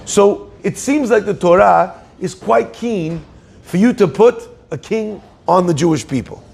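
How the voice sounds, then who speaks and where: A man giving a Torah class as a sermon to a live audience, lively and joking in asides. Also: sits high, measured pace, gravelly, breathy edge.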